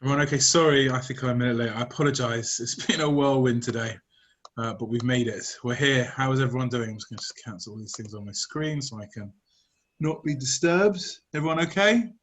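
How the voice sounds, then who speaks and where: A man's voice: mid-range voice, brisk, a bit bright. A man leading an online class as rabbi, chatting casually on a video call with fillers and asides. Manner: chatty, apologetic, rambling with fillers. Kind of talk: casual chat.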